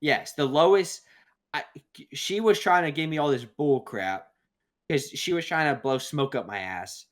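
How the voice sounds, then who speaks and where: A young man chats on a casual podcast, spinning a long anecdote and cursing as he goes. His voice sits a little higher than most men's. He laughs at his own stories. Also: lively intonation, a little slow. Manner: rambling storyteller, swears freely, laughs at own stories. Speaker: podcast co-host. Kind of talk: casual chat.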